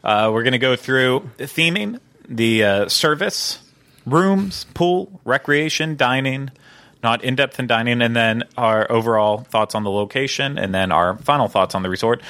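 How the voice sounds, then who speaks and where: A man's voice: medium pitch, expressive, normal speed, fairly bright tone, no echo. A young man hosting a casual podcast, chatty and enthusiastic with many fillers. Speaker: podcast host.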